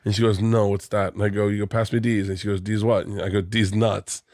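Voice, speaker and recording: Low-voiced man retelling a story. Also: brisk, dry recording, studio quality. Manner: animated, acts out dialogue. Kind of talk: casual storytelling.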